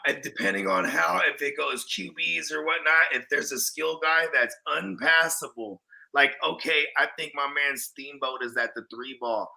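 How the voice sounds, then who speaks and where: Young male co-host; loose, profane banter, high and edgy. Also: normal speed, vocal fry, sharp tone. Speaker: podcast co-host. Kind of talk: casual sports chat.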